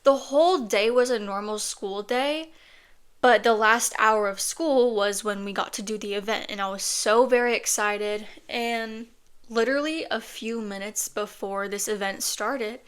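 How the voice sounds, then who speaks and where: A woman's voice: on the high side, a little slow, clean tone. Chatty woman telling a personal story. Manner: chatty, many "like" fillers, earnest. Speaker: storytime podcaster.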